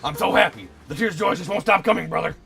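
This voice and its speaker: A man voicing an overjoyed, loud female wrestling fan in a visual novel. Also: fairly high pitch, quick pace, vocal fry, faint music behind, voice pushed up. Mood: ecstatic. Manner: loud, tearful shouting.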